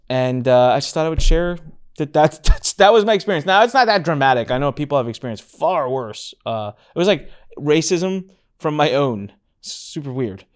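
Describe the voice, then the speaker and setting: A man in a casual podcast chat who tells his story with animated energy and blunt, frank wording. His voice sits at an ordinary middle pitch. He laughs now and then and swears casually. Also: fairly quick. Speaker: podcast host.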